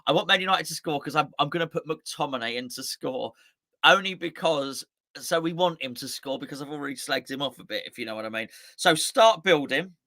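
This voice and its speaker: A man's voice: a little high, fairly quick, pushed and bright. A man hosting a casual live-stream chat, rambling and often correcting himself. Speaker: host.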